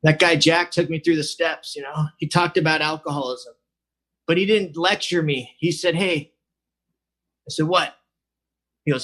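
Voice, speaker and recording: A man with a slightly higher voice talks through his recovery story over a video call, chatty and loose. He acts out both sides of old conversations and keeps saying "you know". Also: fast talker, a bit bright. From California. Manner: chatty, acts out quoted dialogue, says "you know" a lot. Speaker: recovery meeting speaker. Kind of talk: personal recovery story, casual. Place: online meeting, at home. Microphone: computer mic on a video call.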